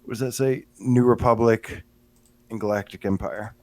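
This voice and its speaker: A man's voice: fairly low pitch, fairly even intonation, moderate pace, a little mellow. A man co-hosting a casual livestream podcast, rambling enthusiastically with lots of fillers as he looks through a video. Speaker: podcast co-host.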